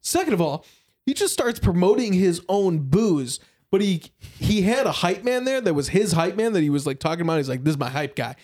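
A man in casual podcast chat, an excitable storyteller who laughs a lot and acts out what others said. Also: high-pitched, normal speed.

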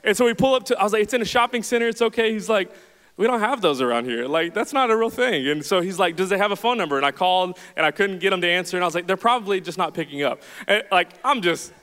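Young male pastor, casual self-mocking storyteller, high clear voice, long hall reverb. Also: quick pace. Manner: chatty, self-deprecating, animated storytelling. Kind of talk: sermon with storytelling. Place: church hall with audience.

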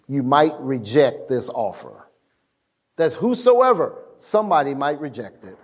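A man's voice: medium pitch, big pitch swings, unhurried, slightly rough. A middle-aged man preaching a sermon, emphatic and casual, calling on the congregation to answer back. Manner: emphatic, call-and-response with the congregation.

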